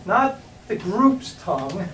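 A middle-aged man with a fairly high voice tells a testimony in a halting, rambling way, now and then rising into loud cries. He sounds set back from the mic, in a room that echoes a lot, with faint ambient noise behind him. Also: sing-song, far from the mic. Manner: rambling, halting storytelling with restarts and sudden raised outbursts. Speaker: church speaker giving a testimony. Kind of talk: testimony sermon.

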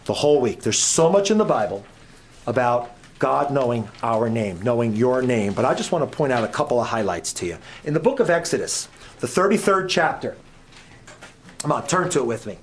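A middle-aged man preaching a sermon as a guest speaker, quizzing the audience and swinging between soft asides and loud emphasis. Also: medium pitch, sing-song, brisk, slight background noise.

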